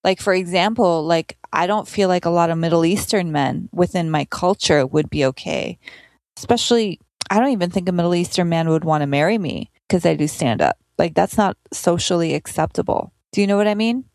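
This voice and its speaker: A woman's voice: fairly low pitch, fairly quick, darkish tone, dry recording. A woman comedian chatting casually in an interview, filling her talk with "like.". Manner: chatty, lots of "like" fillers. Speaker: comedian guest.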